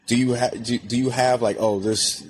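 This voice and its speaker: A man's voice: mid-range voice, fairly even intonation, moderate pace, darkish tone, a little hiss or hum. A man hosting a podcast, chatting in a laid-back, slangy way with his guest. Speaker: podcast host. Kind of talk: casual podcast chat.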